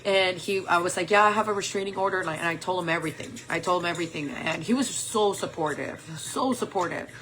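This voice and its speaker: A woman in her forties with a lowish voice tells a personal story off the cuff. She rambles candidly and leans on "like" and "um". A faint hiss sits under her voice. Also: fast talker, few pauses, a bit bright. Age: 40s. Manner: rambling, candid, heavy use of "like" and "um". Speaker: makeup vlogger.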